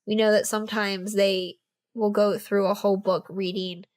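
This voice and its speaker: A woman co-hosting a casual chat about audiobooks, animated and candid in her reactions. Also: medium pitch, normal speed. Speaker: podcast co-host reviewing audiobooks.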